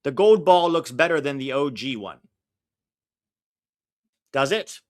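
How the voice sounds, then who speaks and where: Male stream host, casual and opinionated, reacts loudly to the play. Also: a little high, expressive, unhurried. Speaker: livestream watch-along host. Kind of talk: casual live match commentary.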